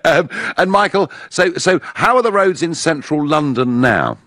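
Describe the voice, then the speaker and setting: Lively, chuckling male radio host. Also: on the high side, no echo, studio quality. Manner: jovial, chuckling, quick to react. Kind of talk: radio phone-in hosting. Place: radio studio.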